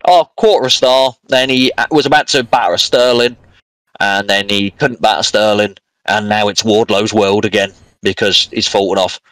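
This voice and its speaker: A man's voice: on the low side, moderate pace, a bit bright, dry recording. A man co-hosting a podcast, chatting casually and rambling through a wrestling show recap with lots of fillers. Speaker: podcast co-host. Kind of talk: casual wrestling review chat.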